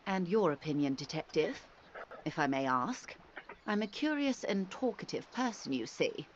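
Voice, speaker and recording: An actress playing a calm, curious, talkative company negotiator in a video game, speaking politely and evenly. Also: female voice, fairly low pitch, moderate pace, muffled recording, a little hiss or hum, close to an everyday voice.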